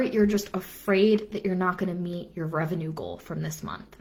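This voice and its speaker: A woman's voice: mid-range voice, measured pace, few pauses, pushed and bright. A young adult woman business coach giving an earnest live-stream talk, repeating phrases for emphasis and dropping casual asides.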